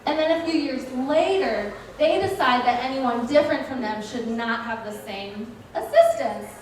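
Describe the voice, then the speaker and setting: A woman's voice: high voice, lively intonation, normal speed, a little hiss or hum. A woman doing a stand-up comedy set in a bar, with a dry, sardonic, ironic delivery. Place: bar event venue. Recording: echoey room, mic picked up from far off.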